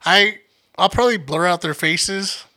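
A man's voice: high-pitched, a little slow, pushed and bright, low-quality recording. A man co-hosting a casual chat, telling profane, laid-back stories and laughing along.

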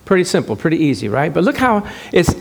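High-voiced man preaching a sermon. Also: vocal fry, breathy edge. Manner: conversational preaching, slows to stress scripture; animated, acts out short dialogues. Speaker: pastor.

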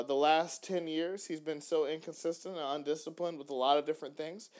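A man hosting a faith-based podcast, talking in an animated way with frequent restarts. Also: fairly high pitch, smooth. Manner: animated, acts out little dialogues, frequent restarts. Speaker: podcast host.

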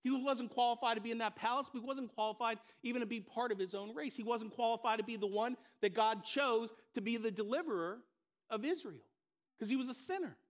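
A man's voice: very high voice, a little fast. A pastor giving a conversational, earnest sermon, often repeating words as he restarts a thought.

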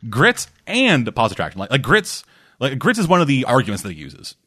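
A man's voice: mid-range voice, huge pitch swings, a little fast, breathy edge, dry recording, clean studio sound. A man chatting casually about movies and shows, rambling and swearing, with lots of restarts. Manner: rambling, profane, acts out quotes loudly.

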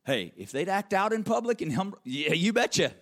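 Pastor, man, slightly high-pitched, emphatic preacher who repeats his points and calls on the congregation by name. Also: sing-song, moderate pace, a bit bright. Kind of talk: sermon.

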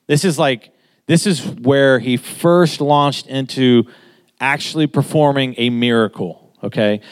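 A man in his thirties preaching a sermon in a casual, conversational way, getting animated as he makes his point. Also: medium pitch.

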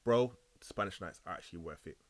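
A man's voice: deep voice, fairly quick. A man in casual chat, laid-back and teasing, with street slang.

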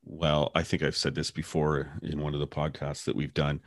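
A man's voice: very deep voice, monotone, normal speed, dry recording, clean studio sound. A man co-hosting a podcast, reflective and telling personal anecdotes in casual conversation. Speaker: podcast co-host.

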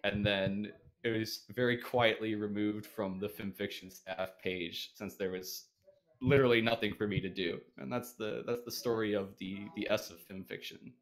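A man with a lowish voice telling a story as a podcast guest. He rambles, hesitates and pads his talk with fillers in a loose, casual way. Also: steady tone, normal speed.

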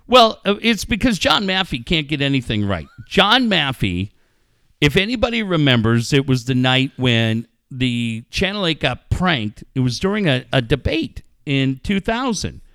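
A man's voice: medium pitch, sing-song, moderate pace, fairly bright tone, clear, resonant tone, no echo, clean studio sound. A man who hosts sports radio, casually telling a profane story and acting out quotes. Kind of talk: casual podcast banter.

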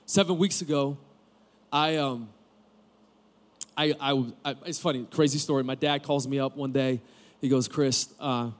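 A pastor in his forties preaching a candid sermon, telling a personal story with joking asides to a live audience. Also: a little high. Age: 40s. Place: camp gathering room with audience.

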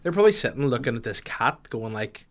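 A young man hosting a podcast, telling a comic story in a lively, profane way and acting out the people in it. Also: mid-range voice, fast talker. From Northern Ireland. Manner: animated, profane, acts out voices in anecdotes. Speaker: podcast host.

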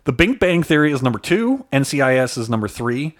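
A man's voice: medium pitch, very animated, a little fast. A man from the Chicago suburbs with a slight South Side Chicago accent, co-hosting a podcast in rambling casual chat, often correcting himself mid-sentence. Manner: rambling, self-correcting, lists facts. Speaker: podcast co-host.

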